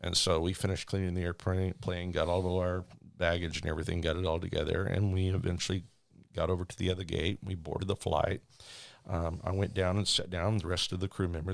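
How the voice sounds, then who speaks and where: Deep, gravelly-voiced man telling a story. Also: a little fast, no room sound. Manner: rambling, restarts, animated retelling. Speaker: flight attendant, interviewee. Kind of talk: casual storytelling.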